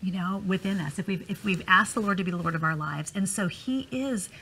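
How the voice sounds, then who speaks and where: Middle-aged woman, bright tone, affirming panelist on a Christian talk show. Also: mid-range voice, brisk, husky, poor audio. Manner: warm encouraging, many affirming murmurs. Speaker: discussion panelist.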